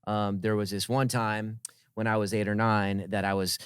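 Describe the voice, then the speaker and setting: A man co-leading a casual church sermon, telling an animated story with frequent laughter. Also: fairly low pitch, moderate pace, smooth, no echo, clean studio sound. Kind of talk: conversational co-hosted sermon. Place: church stage.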